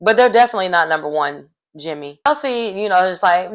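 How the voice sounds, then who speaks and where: A young adult woman giving a casual, animated recap of a reality show. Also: lowish voice, fairly quick, rough recording. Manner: chatty and animated, acting out quoted lines.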